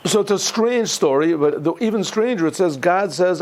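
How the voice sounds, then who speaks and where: A man, a rabbi, giving an informal Torah lesson, often clearing his throat and restarting his sentences as he thinks aloud. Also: high voice, expressive, moderate pace, hardly any pauses, a little mellow. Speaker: rabbi teaching a yeshiva class.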